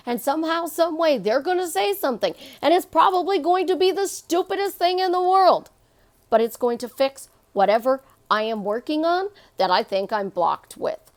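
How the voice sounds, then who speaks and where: A woman's voice: sits high, expressive, normal speed. A middle-aged woman, a life coach, giving an emphatic motivational monologue and repeating phrases to drive her point home.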